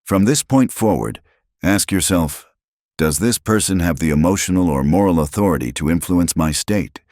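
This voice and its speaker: Very deep-voiced male self-help narrator. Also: lively intonation, darkish tone, dry recording, studio quality. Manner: dramatic, with short punchy phrases and pauses. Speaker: audiobook narrator.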